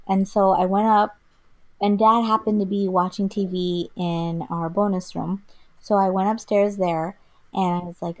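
A woman's voice: medium pitch, level tone, normal speed, darkish tone. A young woman co-hosting a podcast, telling a story in a casual chatty way with lots of "like" and restarts. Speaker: podcast co-host.

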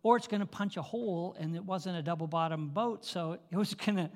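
High-voiced man telling a sermon story. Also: brisk. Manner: animated storyteller, restarts, chuckles. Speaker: preacher.

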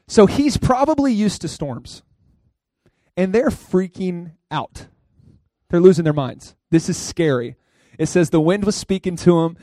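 Lively, conversational male pastor preaching. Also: high-pitched, no room sound, clean studio sound. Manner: lively, animated, laughs often; conversational, asks the crowd questions. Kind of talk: sermon.

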